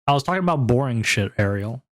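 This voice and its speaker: A man's voice: mid-range voice, animated, quick pace, a bit bright. A male VTuber streamer in casual solo chat, rambling from topic to topic, poking fun at himself and laughing often.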